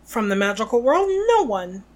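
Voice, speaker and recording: Woman podcast host reading a book out loud, expressive, slightly high voice. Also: moderate pace. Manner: expressive read-aloud narration. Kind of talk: reading a novel aloud and chatting.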